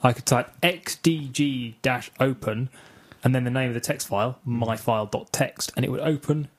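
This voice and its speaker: A man's voice: mid-range voice, moderate pace, husky. A man co-hosting a tech podcast, bantering jokingly and reading listener emails aloud. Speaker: podcast co-host.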